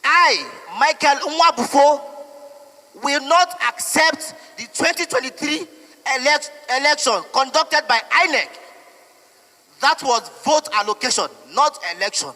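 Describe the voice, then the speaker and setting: A man's voice: very high voice, measured pace, bright, forceful tone, big-room sound. A young Nigerian man giving an emotional, defiant statement, pleading and declaring. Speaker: protester. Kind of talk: impassioned street statement.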